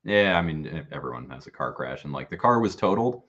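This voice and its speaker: A male guest talking casually and at length, filling his sentences with "like" and "uh." His voice sits very low. The sound is a bit dull and lo-fi, as if heard through a remote call. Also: very animated, fast talker, fairly bright tone. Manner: rambling, lots of "like" and "uh" fillers. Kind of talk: casual conversation.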